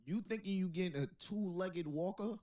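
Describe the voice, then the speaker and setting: A man's voice: high-pitched, normal speed, darkish tone. A man hosting a podcast, reacting with incredulous jokes and laughter in casual banter. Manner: incredulous, joking commentary with laughter. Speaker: podcast host.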